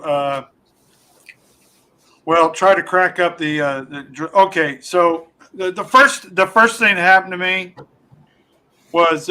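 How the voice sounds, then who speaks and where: High, bright-voiced comedian guest. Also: male voice, low-quality recording. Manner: rambling, lots of restarts and fillers, laughing at his own stories. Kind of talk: casual podcast chat, telling funny stories.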